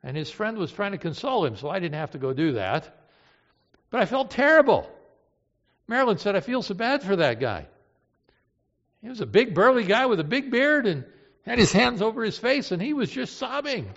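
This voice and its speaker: A man's voice: high voice, very animated, moderate pace, gravelly. Impassioned preacher man in an echoing hall. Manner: emotive, swings from hushed to impassioned. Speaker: pastor. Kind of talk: sermon. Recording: reverberant hall, dull lo-fi sound.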